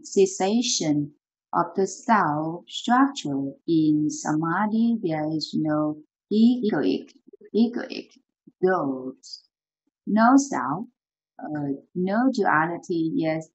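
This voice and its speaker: A woman with a Chinese accent, reading a text aloud haltingly as a student and stopping to search for words. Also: fairly low pitch, husky, low-quality recording.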